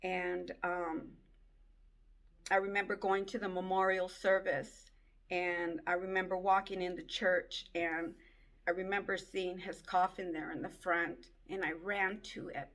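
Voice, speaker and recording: A woman giving an emotional personal testimony, speaking in a halting, tearful way. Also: on the low side, little pitch movement, a bit bright. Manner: slow, halting, tearful storytelling.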